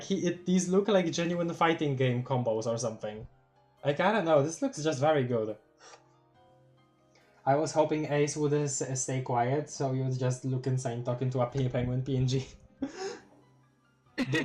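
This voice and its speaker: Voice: mid-range voice, normal speed, faint music behind. A streamer with a Polish accent reading a webcomic aloud on a live read-along, breaking off to react with laughs and exclamations. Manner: expressive, reads captions aloud then reacts with laughs and exclamations.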